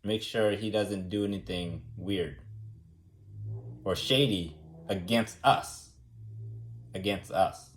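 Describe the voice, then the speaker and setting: A man with a fairly low voice talks through a loose, unscripted explanation. He rambles, restarts phrases and leans on "like" and "um". He comes from the United States and sounds like an everyday person sharing his thoughts. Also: slow pace, long pauses. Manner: rambling, repeats words, many fillers. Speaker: explainer teaching about government.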